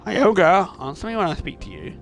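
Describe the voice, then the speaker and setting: A man voicing a furious, snobbish middle-aged mother scolding her child in a shrill, indignant tone. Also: moderate pace, faint music behind, close to an everyday voice.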